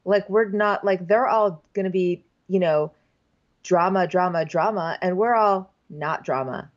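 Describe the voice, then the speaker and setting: A woman's voice: fairly low pitch, a little slow. A woman co-hosting a casual comedic recap chat, retelling scenes and quoting people in put-on voices. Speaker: podcast co-host. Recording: dull lo-fi sound.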